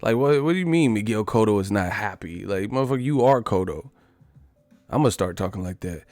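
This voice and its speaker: A man's voice: fairly low pitch, animated, a little fast, a little mellow, no echo, studio quality. A man hosting his boxing channel in a casual live-stream rant, profane and joking, breaking into laughter.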